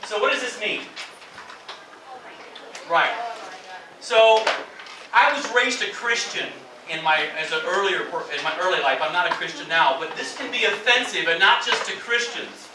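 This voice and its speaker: A man's voice: high-pitched, expressive, moderate pace, long pauses, background noise. A man teaching an English lesson in a classroom, explaining intonation and acting out exaggerated example phrases. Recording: echoey classroom from a distance.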